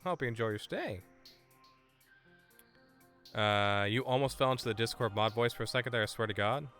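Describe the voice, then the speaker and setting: A man streaming a game live, chatting excitably with viewers and stammering over his words. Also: medium pitch, moderate pace, soft background music. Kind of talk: live gameplay stream chat.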